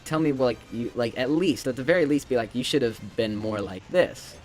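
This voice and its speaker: A teenage boy chatting casually while gaming, telling animated stories and acting out his classmates' lines. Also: mid-range voice, a little fast. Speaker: gamer chatting while playing. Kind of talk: casual chat. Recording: faint game music behind.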